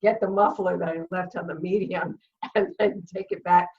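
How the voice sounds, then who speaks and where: A middle-aged woman from Rhode Island, a comedian guest telling lively stories with frequent laughter in a casual chat. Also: lowish voice, normal speed, recorded from a distance, dull audio, noisy background.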